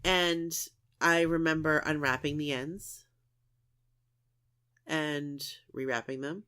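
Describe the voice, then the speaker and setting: A woman in her thirties with a low-pitched voice co-hosts a podcast. She talks in a loose, chatty way, trailing off and restarting with plenty of "like". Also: steady tone, takes it slowly, sharp tone, clear, resonant tone. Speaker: podcast co-host. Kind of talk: casual chat.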